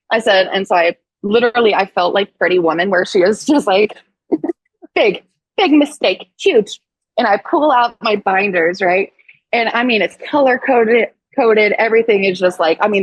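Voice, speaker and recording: Husky-voiced woman telling a lively story. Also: medium pitch, no echo, rough recording. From Missouri. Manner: animated, acts out quoted voices, frequent "like". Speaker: podcast guest, chiropractor. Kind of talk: casual storytelling in an interview.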